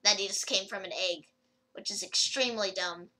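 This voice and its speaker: A woman's voice: mid-range voice, normal speed, pushed and bright, rough recording. A woman rambling casually through a gameplay video, with lots of fillers and restarts as she comments. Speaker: gaming video creator.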